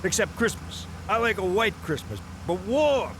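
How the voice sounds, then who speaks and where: A man's voice: high-pitched, sing-song, normal speed, background noise. An actor voicing a blunt, muddled male mobster sidekick in an adult cartoon. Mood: bossy.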